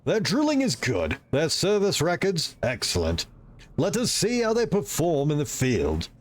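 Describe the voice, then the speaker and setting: A man voicing a dignified male seneschal in a game, speaking in a formal, measured way. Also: a little high, huge pitch swings, voice pushed up.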